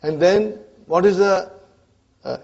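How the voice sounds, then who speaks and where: Speaking slowly in a high-pitched, darkish voice with vocal fry, a man lectures his class on Arabic grammar. The lo-fi recording sounds dull, and he keeps asking students "huh?" and "are you with me?".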